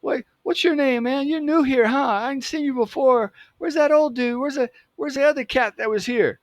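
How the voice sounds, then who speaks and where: A man's voice: very high voice, moderate pace, no room sound, pitched above the performer's own voice. A man voicing a cocky, streetwise teenage boy who talks in drawling slang. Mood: swaggering.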